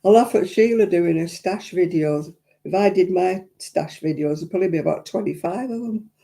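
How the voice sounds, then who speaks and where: An older woman with a Lancashire accent chats with viewers on a crafting livestream. Her voice is low and very dark, with a gravelly fry at the ends of phrases. She rambles from story to story and laughs easily. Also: normal speed. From Royton, North West England. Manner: chatty, rambling, frequent chuckles. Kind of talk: casual chat reading viewer comments.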